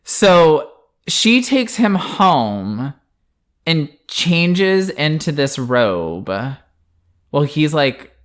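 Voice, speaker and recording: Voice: mid-range voice, very animated, drawn-out words. A podcast co-host who listens, asks questions and reacts with amused laughter. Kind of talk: casual podcast chat.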